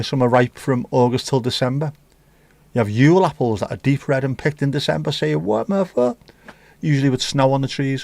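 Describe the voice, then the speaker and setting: In a dry recording made in his home room, a man hosts a laid-back livestream, reading chat and joking cheekily with viewers. His voice is mid-range with a darkish tone.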